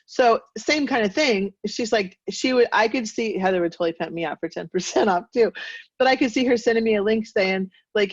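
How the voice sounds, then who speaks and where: A woman's voice: medium pitch, fairly quick, no room sound, highs cut off. A woman leading a sales team meeting in a casual, chatty way, laughing often and poking fun at herself.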